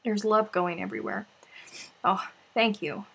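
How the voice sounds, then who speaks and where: A woman's voice: medium pitch, very animated, a little slow, vocal fry, a bit bright, husky. A woman chats with her viewers on a crochet live stream, moving between tears and laughter. Her talk is loose and rambling, full of restarts and asides. It sounds like a casual livestream voice on a desk mic.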